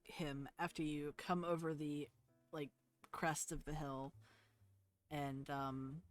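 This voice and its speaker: A young woman running a tabletop game as game master, narrating in a laid-back, rambling way with many fillers. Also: low-pitched. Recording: faint music behind.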